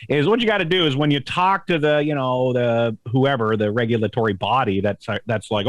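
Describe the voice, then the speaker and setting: A man's voice: medium pitch, fairly quick, few pauses, no echo. A man co-hosting a podcast, telling rambling stories in casual banter and jumping into funny voices. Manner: storytelling, animated, slips into voices. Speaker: co-host, comedian.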